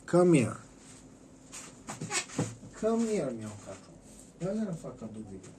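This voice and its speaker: A man rambles through a casual vlog monologue, swearing freely and stumbling over restarts. His voice sits in an ordinary middle pitch. Faint noise hums behind him. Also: sing-song, a little fast. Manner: rambling, profane, stammering restarts.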